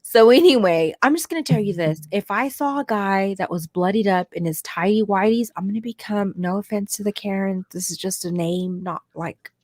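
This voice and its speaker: A woman's voice: medium pitch, normal speed, few pauses, a little mellow, no echo, studio quality. A woman with a Southern US accent hosting a podcast, telling a story in a chatty, joking way. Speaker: podcast host. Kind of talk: casual chat.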